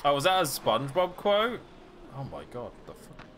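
A man's voice: a little high, big pitch swings, normal speed, a bit bright, a little hiss or hum. A young man streaming a game, chatting casually and joking with frequent laughs. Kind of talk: casual gameplay commentary.

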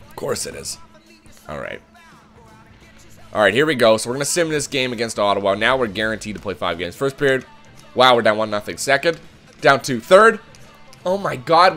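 A man hosting let's-play commentary of a hockey video game, excitable, who swears and shouts at the game. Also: medium pitch, moderate pace, soft background music. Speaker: gaming channel host.

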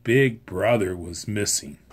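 Slow, expressive story reader. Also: low-pitched, breathy edge. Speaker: volunteer reader. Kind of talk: children's story read-aloud.

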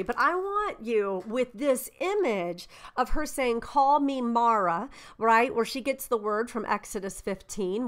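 A woman leading a Bible study in an earnest, conversational way, often checking in with "right?" and filling pauses with "um.". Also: medium pitch, fairly bright tone. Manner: informal with frequent "um".

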